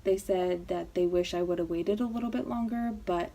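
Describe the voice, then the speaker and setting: A woman's voice: fairly low pitch, normal speed, gravelly, slight background noise. A young adult woman telling a storytime vlog, chatty and full of fillers, acting out quotes. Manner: chatty, filler-heavy, animated quoting. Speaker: vlogger. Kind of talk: casual storytime.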